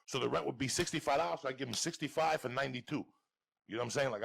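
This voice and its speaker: Gravelly, fast-talking storytelling man. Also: medium pitch. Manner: loud, laughing, swings between shouting and muttering. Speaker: podcast guest storyteller. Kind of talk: profane comedic storytelling.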